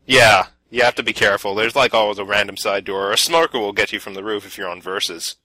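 A man's voice: on the low side, quick pace, bright, forceful tone, rough recording. A man hosting a casual podcast, easygoing and laughing often as he reads out listener submissions. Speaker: podcast host.

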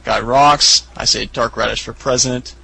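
A man's voice: steady tone, normal speed, vocal fry, bright, forceful tone, slight background noise, low-quality recording. A man co-hosting a podcast in casual chat, telling stories and acting out quotes with a rambling manner. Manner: rambling storyteller who acts out quotes in high squeaky voices. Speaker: podcast co-host.

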